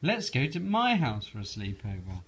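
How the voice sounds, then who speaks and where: A man voicing an excitable young boy frog in a storybook read-aloud, eager and bouncy. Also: moderate pace, slightly rough, heavily acted. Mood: sheepish. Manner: eager, bouncy, high and loud.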